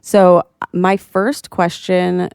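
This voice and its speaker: A woman hosting a podcast, chatting in a bubbly, chatty way that is quick to laugh, recorded in a studio. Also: lowish voice, level tone, darkish tone, clean tone, dry recording. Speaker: podcast host. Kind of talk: casual chat.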